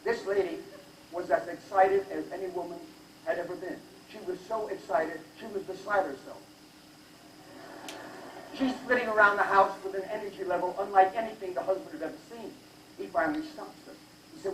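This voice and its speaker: High-voiced older comedian in a big hall. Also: male voice, a little fast, a little hiss or hum. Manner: brash, teasing the audience. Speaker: stand-up comedian. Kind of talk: stand-up joke telling. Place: large live venue. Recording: echoey live hall from far off.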